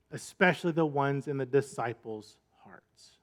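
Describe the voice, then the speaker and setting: A man's voice: mid-range voice, moderate pace. A male pastor giving a sermon in a conversational, storytelling way, full of rhetorical questions.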